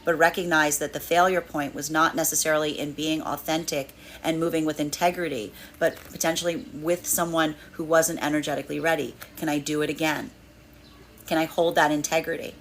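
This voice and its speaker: A woman's voice: low-pitched, fairly even intonation, fairly quick, a little hiss or hum. A woman giving a flowing, spiritual tarot card reading, repeating phrases as she talks through the cards. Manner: flowing, spiritual, repeats phrases while acting out inner voices. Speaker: tarot reader.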